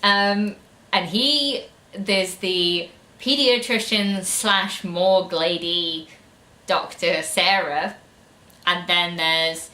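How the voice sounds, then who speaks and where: A woman's voice: on the low side, drawn-out words, pushed and bright. A woman ranting sarcastically about a book in a casual review, full of fillers. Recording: echoey room.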